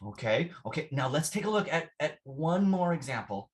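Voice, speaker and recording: A man's voice: fairly high pitch, very animated, moderate pace. A man teaching English vocabulary in a classroom lesson, patient and repetitive, often checking with "right?". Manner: patient, repeats phrases, asks "right?" often.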